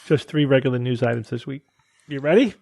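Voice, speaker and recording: A man hosting a podcast, reading out quiz items clearly and briskly and chatting with his panel. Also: mid-range voice, a little mellow. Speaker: podcast host.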